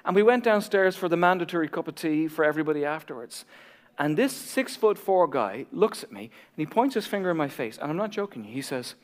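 An Irish man in his forties, a pastor telling his own story in a sermon with animated, self-deprecating humor. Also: fairly high pitch, brisk, big-room sound. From Ireland.

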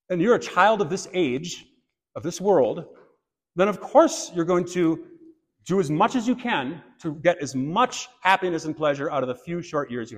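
Man, pastor, sermon, high-pitched, earnest, long church reverb. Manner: earnest preaching, shifts to light anecdote.

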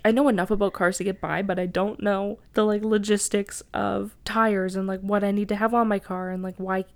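A woman's voice: medium pitch, level tone, brisk. A young woman chatting casually as she tells a long story, rambling and saying "like" often.

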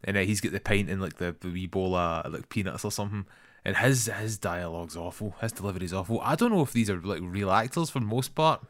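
A Scottish man with a low voice speaks bluntly and with plenty of swearing. He is animated as he gives his opinions in a casual podcast chat, and the sound is dry and close. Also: quick pace, no echo. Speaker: podcast co-host.

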